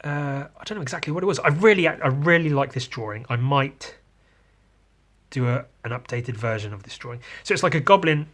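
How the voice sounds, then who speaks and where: A man's voice: mid-range voice, a bit bright. A man hosting a podcast in casual chat, joking crudely and rambling as he talks. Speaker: host.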